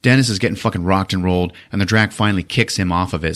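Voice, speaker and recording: A man hosting a podcast, retelling a movie in profane, animated casual chat. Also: lowish voice, quick pace. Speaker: podcast host.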